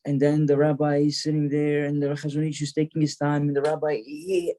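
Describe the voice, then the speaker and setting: A man's voice: a little high, flat delivery, normal speed. A male rabbi giving a storytelling sermon, earnest, repeating words as he builds the story.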